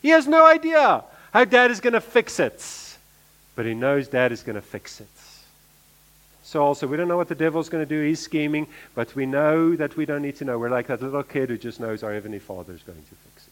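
A man preaching a sermon, repeating key phrases and swinging between emphatic lines and quiet asides. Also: a little high, lively intonation, brisk.

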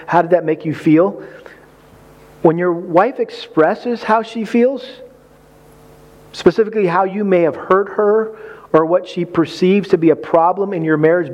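A man's voice: high-pitched, a little mellow, muffled recording. A man preaching on marriage in a folksy, conversational way, acting out quotes with humor. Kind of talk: sermon.

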